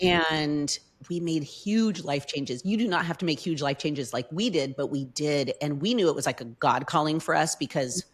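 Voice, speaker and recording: A woman's voice: low-pitched, moderate pace, few pauses, slightly rough. A middle-aged woman as a podcast guest, telling a personal story in casual chat with heartfelt emotion.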